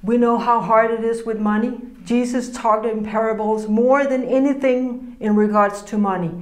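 A woman gives an informal sermon in a chatty, earnest way, often breaking into a laugh. Her voice sits a little high. The room around her adds a noticeable echo. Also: fairly even intonation, normal speed. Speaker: preacher. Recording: roomy echo.

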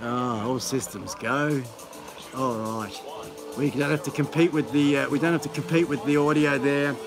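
A man's voice: medium pitch, steady tone, normal speed, over music. A man hosting a live stream in a casual, rambling, enthusiastic way, full of fillers and restarts.

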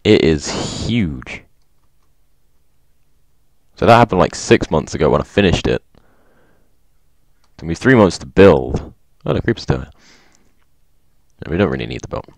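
Low-voiced excitable gaming man. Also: normal speed, vocal fry, long pauses, dry recording. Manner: excitable, reads in-game signs aloud, laughs often. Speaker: gaming video host. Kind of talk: casual gameplay commentary.

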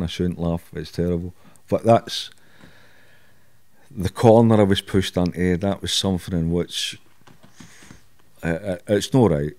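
A middle-aged Scottish man with a lowish, darkish voice appears as a podcast guest in a candid interview, telling blunt stories, swearing and laughing at himself.

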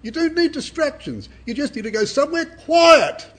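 A man's voice: extremely high pitch, big pitch swings, moderate pace, a bit bright. An older man, giving an earnest, emphatic Bible sermon to a congregation and often repeating his words. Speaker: Bible speaker.

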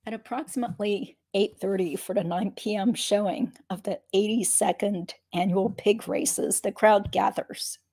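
A woman's voice: mid-range voice, fairly even intonation, normal speed, few pauses, a little mellow, breathy edge. A woman reading a memoir aloud, breaking off for dry, wry asides between passages. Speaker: reader of a memoir.

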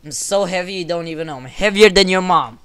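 A young man commenting casually on a game he plays with a friend, excitable and swearing, often bursting into shouts. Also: sits high, fast talker. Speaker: gamer.

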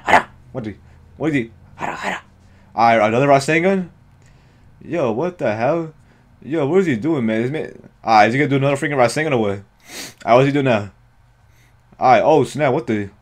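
A man hosting a live reaction video, giving excitable, slangy commentary full of exclamations and swearing. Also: medium pitch.

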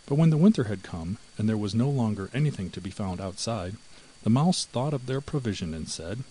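A man narrating a fairy tale in an expressive, measured storybook reading. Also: on the low side, husky, poor audio. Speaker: audiobook narrator.

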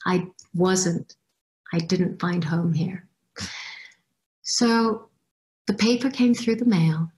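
A woman's voice: lowish voice, fairly even intonation, slow pace, long pauses, darkish tone. A woman giving a personal storytelling talk as a guest speaker, reflective and acting out her past reactions. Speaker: guest speaker at a youth summit.

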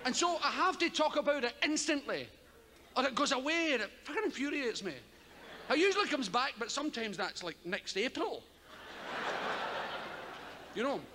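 A man's voice: very high-pitched, very animated, normal speed, long pauses, pushed and bright. An older man with a Scottish accent doing rambling, profane stand-up comedy on a theatre stage, often laughing as he talks. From Scotland. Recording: live theatre, long reverb, audience noise.

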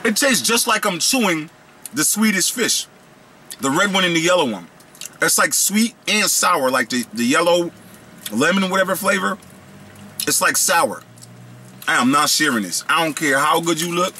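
Brief: male snack vlogger, loose and slangy, sharp bright tone, slightly raised pitch. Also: animated, normal speed, pauses often, slight background noise. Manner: slangy, playful, riffs and rambles. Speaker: snack reviewer. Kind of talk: casual snack review vlog.

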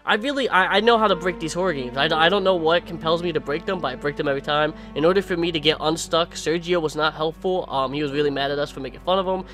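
A man's voice: fairly high pitch, quick pace, hardly any pauses. A young man narrating his horror game playthrough, casually and with fillers, and goofing off taunting a game monster. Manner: laid-back narration with fillers. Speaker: gaming YouTuber. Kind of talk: let's play commentary with voice-over. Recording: loud game music behind.

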